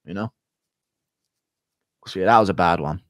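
A man's voice: low voice, moderate pace, fairly bright tone, no echo. A man hosting a live stream, reading out donations and answering chat questions in a blunt, profane, rambling way. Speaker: streamer host.

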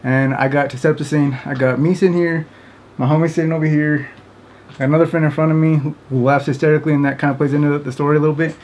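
A man's voice: fairly high pitch, level tone, fast talker, a little mellow, a little hiss or hum. Laughing man telling a story. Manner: laughs often, rambling, many "like"s. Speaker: vlogger. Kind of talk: casual storytelling.

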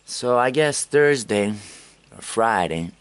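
A man's voice: mid-range voice, expressive, slow, clean tone, no room sound. A man vlogging on his travels, telling loose, rambling stories to the camera with plenty of swearing and laughter at his own tales. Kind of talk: casual storytelling to camera.

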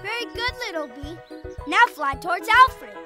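A woman voicing a patient, kindly female cartoon helper who coaches gently and encouragingly. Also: very high-pitched, sing-song, normal speed, music in the background. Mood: coaching. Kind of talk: children's cartoon voice acting.

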